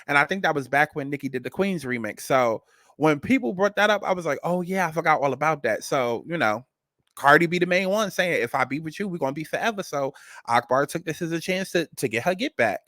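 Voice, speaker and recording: A man's voice: a little high, expressive, a little fast, bright, forceful tone, no room sound, clean studio sound. A man hosting a celebrity gossip and astrology commentary, talking bluntly and emphatically and repeating his points. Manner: blunt, emphatic, repetitive, cussing. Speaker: commentary host.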